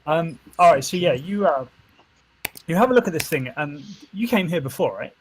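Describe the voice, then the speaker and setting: A man's voice: a little high, lively intonation, moderate pace, slight background noise, low-quality recording. A man narrating a tabletop game as game master, with many fillers and restarts. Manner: hesitant, full of fillers and restarts.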